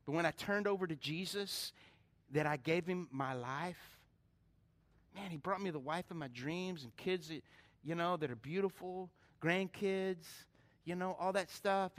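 Middle-aged male pastor, high, bright voice, animated storyteller from the pulpit. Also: normal speed. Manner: animated storytelling, questions to the congregation. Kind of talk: sermon.

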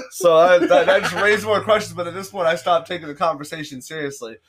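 A man's voice: high-pitched, a little fast. A young man hosting a casual chat, telling stories with lots of swearing and acted-out quotes. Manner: animated, swearing, acts out quotes. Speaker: podcast host.

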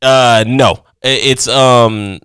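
A man's voice: medium pitch, steady tone, very slow, fairly bright tone, smooth, dry recording, studio quality. A young man chatting casually with a friend, rambling and swearing, full of slang. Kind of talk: casual chat.

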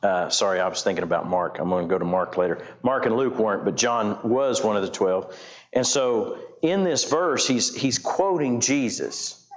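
A man's voice: fairly low pitch, moderate pace. A middle-aged man preaching an informal sermon in a folksy, rambling way, correcting himself and stressing key words.

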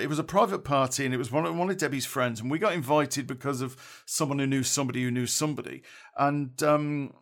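A man's voice: fairly high pitch, fairly bright tone. A middle-aged man, telling a rambling personal story in casual speech, often chuckling and dropping salty slang. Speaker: podcast storyteller.

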